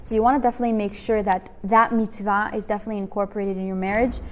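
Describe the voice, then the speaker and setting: A woman's voice: mid-range voice, flat delivery, rapid-fire, a little mellow. A young adult woman teaching a women's class in a casual, chatty way, full of "like" and "you know", often acting out little conversations. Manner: chatty, filler-heavy, acts out little dialogues.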